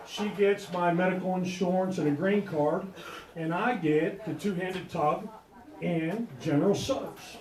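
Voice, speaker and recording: A man with a high-pitched voice delivers a raunchy stand-up routine, building crude stories toward punchlines. He is recorded live in an echoey club, with an audience laughing loudly around him. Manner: crude, rowdy storytelling with punchlines. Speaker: stand-up comedian. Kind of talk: stand-up comedy set. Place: comedy club stage before a live audience.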